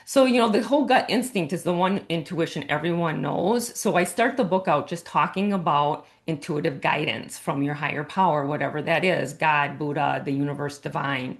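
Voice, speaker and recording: A woman's voice: low voice, normal speed, few pauses. A woman coach and author talking casually in a podcast interview, explaining her ideas in an earnest, meandering way.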